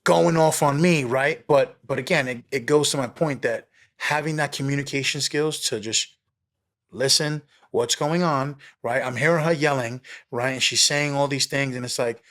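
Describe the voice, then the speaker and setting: At normal speed and medium pitch, a New York City ex-police officer recounts a story as a podcast guest. His delivery is casual and animated, full of "right?" and "you know", with an occasional swear.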